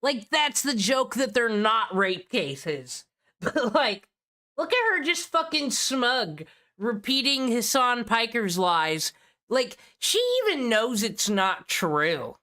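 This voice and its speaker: A woman's voice: a little high, animated, slow, pushed and bright. Blunt, sweary woman streamer. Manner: blunt, profane and sarcastic. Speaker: streamer reacting to drama clips. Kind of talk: casual commentary.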